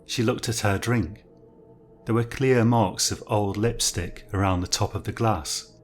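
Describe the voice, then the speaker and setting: Male horror storyteller, measured and low, soft music under. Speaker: narrator. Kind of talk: scripted horror narration.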